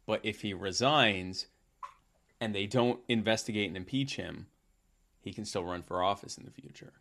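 Low-voiced sarcastic podcast host. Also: male voice, moderate pace, fairly bright tone. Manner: rambling, sarcastic, with filler words. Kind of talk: casual political comedy chat.

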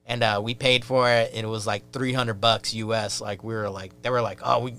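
A man's voice: on the low side, fairly even intonation, brisk, fairly bright tone, smooth. A man, a podcast guest telling a wild story in loose, profane, casual talk.

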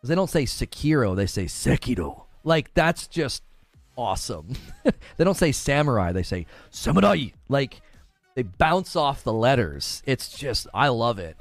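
Lively-pitched man chatting on a stream. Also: moderate pace, no room sound, faint music behind. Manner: chatty, laughs often, reads chat aloud. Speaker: streamer host. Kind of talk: casual live-stream chat.

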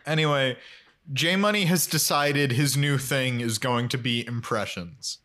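Bright-voiced man joking as co-host. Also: medium pitch, a little slow. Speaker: podcast co-host. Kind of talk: casual chat recapping a show.

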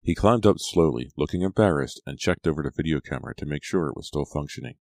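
A man narrating an audiobook in a steady, even storytelling manner. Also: rumbling low, brisk, no echo, studio quality. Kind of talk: scripted narration.

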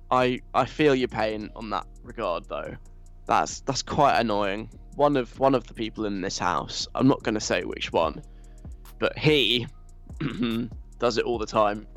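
A man's voice: medium pitch, fairly bright tone. A young man, reading out listener messages and answering them in a teasing, mock-stern, casual way. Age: young adult. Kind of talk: casual chat.

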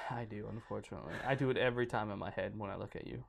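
A man's voice: fairly low pitch, fast, vocal fry. Man rambling through a cryptid story. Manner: rambling, joking, breaks off into banter mid-story. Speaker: podcast co-host. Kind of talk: casual chat reading a story aloud.

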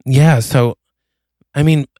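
A man's voice: medium pitch, takes it slowly, no echo, studio quality. Man in casual podcast storytelling. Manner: animated storytelling, acting out characters' lines. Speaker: podcast co-host. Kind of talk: casual chat, pitching a made-up holiday movie plot.

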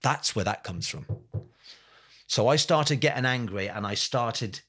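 A man in an interview telling his story with blunt, passionate force. He stacks up lists and repeated phrases, swears freely and keeps calling the host mate. His voice sits at an ordinary middle pitch for a man. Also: animated, a little slow, fairly bright tone, breathy edge. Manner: passionate, rising to angry emphasis, blunt with swearing. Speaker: podcast guest.

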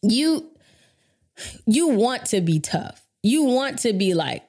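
A woman in her thirties, a business owner hosting a podcast, telling a story in a casual, animated way, swearing freely and laughing often. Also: takes it slowly. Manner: animated, profane, laughs often, jumps into high voices for quotes.

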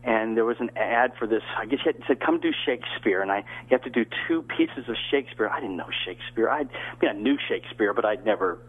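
A man's voice: lowish voice, fast talker, few pauses, husky. An older man from the American South, an actor guest telling rambling anecdotes with many restarts over a phone-like line. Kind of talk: casual interview storytelling.

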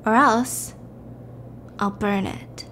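A woman voicing a desperate man who pleads in a hushed voice to let his family go. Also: medium pitch, fairly even intonation, very slow, a little hiss or hum. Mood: pleading.

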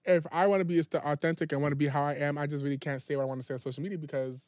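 A man in his twenties co-hosting a podcast, talking bluntly in fast, slangy casual chat. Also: a little high, steady tone, darkish tone, clean tone, no echo, clean studio sound. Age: 20s. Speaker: podcast co-host.

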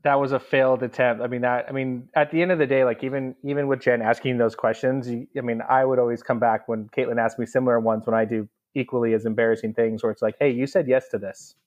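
A man in his thirties co-hosting a podcast in casual chat, halting and often repeating his words. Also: medium pitch, little pitch movement, a little mellow, muffled recording. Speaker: podcast co-host.

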